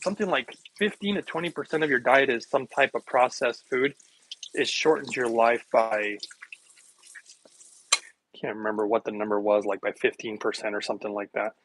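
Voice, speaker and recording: A middle-aged man from the United States talks loosely to his viewers from home. His voice sits in an ordinary middle pitch, and he wanders from thought to thought, chuckling and teasing himself. A faint hiss stays under it all. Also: a bit bright, low-quality recording. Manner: rambling, chuckles often, self-deprecating. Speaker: vlogger. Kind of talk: casual chat to viewers.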